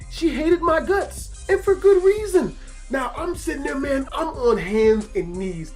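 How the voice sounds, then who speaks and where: Profane, emotional man telling a story. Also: extremely high pitch. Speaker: YouTube storyteller. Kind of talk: casual storytime monologue.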